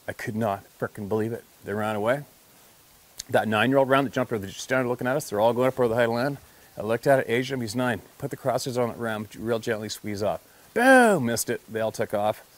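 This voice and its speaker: A man who works as a hunting and fishing guide tells a hunting story casually, swearing freely and laughing as he goes. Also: on the low side.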